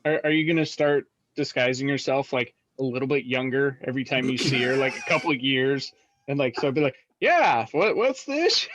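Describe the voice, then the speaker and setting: A man's voice: medium pitch, level tone, quick pace. A man playing a tabletop game, cracking jokes and laughing into his lines. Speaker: player. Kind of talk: casual joking chat. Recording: lo-fi mic with clear background noise.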